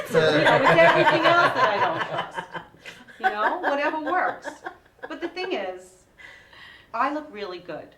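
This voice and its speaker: A woman in her forties doing a stand-up comedy set, with lively delivery and sing-song voices for her kids. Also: medium pitch. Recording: echoey room, mic at a distance.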